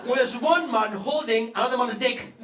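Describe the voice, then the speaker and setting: A Greek-accented man rants on a comedy stage, loud and profane. His voice sits high, and it sounds roomy and distant, with steady ambience from the venue behind him. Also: moderate pace, over a noisy crowd, heavy background noise. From Greece. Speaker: stand-up comedian. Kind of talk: stand-up rant.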